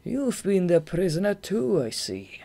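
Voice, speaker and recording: Read by an audiobook narrator, this is a giant jungle bat, calm and predatory, speaking in a measured, slightly breathy manner. His voice has a gravelly texture and sits at a mid pitch. It comes from a home-recorded audiobook. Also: full character voice. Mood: coolly explaining. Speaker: audiobook reader. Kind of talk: fan audiobook character voice.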